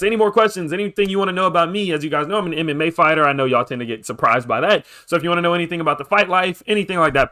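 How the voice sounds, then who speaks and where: A young man streaming live about crypto, hyped and pushy as he begs viewers for likes and gives shout-outs. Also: a little high. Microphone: desk microphone.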